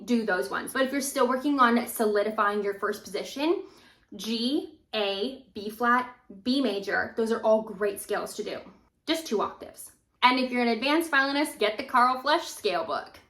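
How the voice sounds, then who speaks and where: A woman's voice: on the high side, fairly bright tone. A young adult woman teaching violin in a casual, encouraging way. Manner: casual, encouraging, demonstrates while talking. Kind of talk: instructional video talk. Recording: roomy echo.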